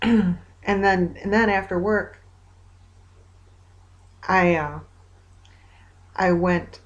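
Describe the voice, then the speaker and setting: Woman vlogger, lower voice, chatty diary talk, long rambling retellings full of fillers. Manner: hopeful yet weary. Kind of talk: casual personal video diary.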